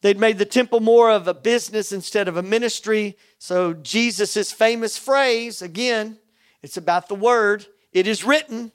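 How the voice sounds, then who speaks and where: A man preaching a sermon, telling a personal story with animated quoted dialogue. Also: high voice, normal speed, smooth, dry recording, studio quality. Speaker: pastor.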